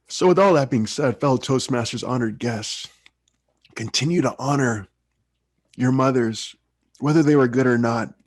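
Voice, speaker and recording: A man's voice: mid-range voice, normal speed, no room sound. A young man giving an earnest, heartfelt personal speech as a Toastmasters speaker.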